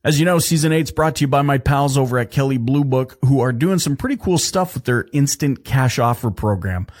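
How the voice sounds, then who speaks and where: A man hosting his own podcast, talking in an energetic, chatty way with lots of fillers and restarts. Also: medium pitch, a little fast. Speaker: podcast host. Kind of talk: casual solo podcast talk.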